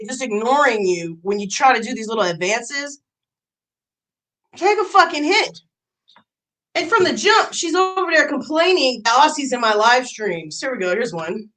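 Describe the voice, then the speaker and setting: A woman's voice: high-pitched, big pitch swings, normal speed, a bit bright, rough recording. A woman live streamer in a profane, mocking rant, reacting to clips and messages. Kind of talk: ranting commentary.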